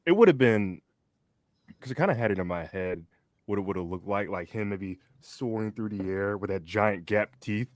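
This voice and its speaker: A young man with a low, deep voice talks in a loose, rambling podcast chat. He fills his sentences with "like" and "um" and laughs easily. The sound is close and dry, with no room echo. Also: moderate pace. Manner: rambling, many fillers and restarts, laughs easily. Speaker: podcast co-host. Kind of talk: casual chat.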